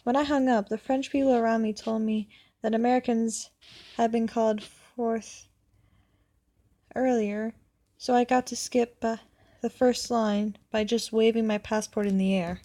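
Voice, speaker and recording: A woman's voice: on the high side, steady tone, a little slow, warm tone. A young woman reading an online story aloud, often stumbling and correcting herself. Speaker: story reader.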